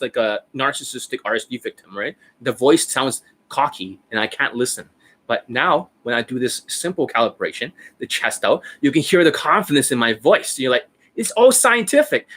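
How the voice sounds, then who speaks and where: A man's voice: medium pitch, a bit bright, breathy edge. A man in his forties, a dating coach, explaining in a blunt, profane, demonstrative casual talk.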